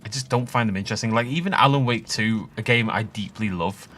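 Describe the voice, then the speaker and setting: A man's voice: on the low side, a little fast, fairly bright tone, a little hiss or hum. A man casually commentating on his gameplay, chatty and rambling, laughing often. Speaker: let's play host.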